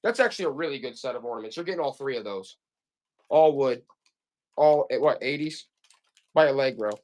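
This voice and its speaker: A man's voice: medium pitch, normal speed, a little mellow. A man selling vintage items on a live stream, chatting to viewers in a repetitive, hyped-up sales patter. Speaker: live auction seller.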